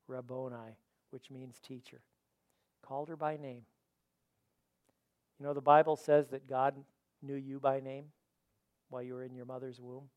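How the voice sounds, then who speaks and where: A man preaching a sermon in an auditorium, building to loud declarations and dropping to quiet appeals, sometimes repeating words as he goes. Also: mid-range voice, highs cut off. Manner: preaching with rising and falling intensity, repeats words. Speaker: pastor.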